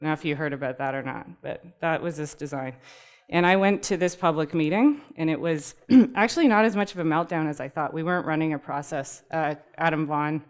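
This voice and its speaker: She has a deep voice and speaks a little fast while presenting at a tech community talk. It's a casual, upbeat, conversational session where she laughs easily and talks right to the room.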